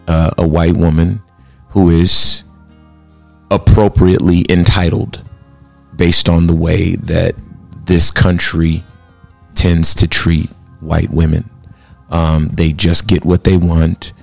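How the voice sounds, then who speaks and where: Deep gravelly guy hosting a chat, explains stuff slowly, faint music behind. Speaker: podcast host. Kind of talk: casual chat.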